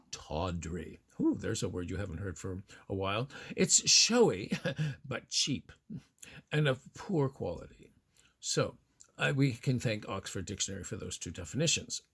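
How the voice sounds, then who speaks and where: A man vlogging with a theatrical, cheeky flair, sweeping his pitch up and down as he spins a tale. His voice is slightly husky. He savours his words in a playful, tongue-in-cheek way. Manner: cheeky, flamboyant, over-the-top delivery. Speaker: fashion vlogger. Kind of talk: theatrical storytelling monologue.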